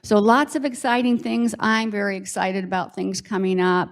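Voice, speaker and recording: A woman with a mid-range voice speaks in a friendly, reassuring way at a town hall meeting. She pauses now and then with small fillers as she explains plans. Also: mid-range voice, level tone. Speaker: health services staff.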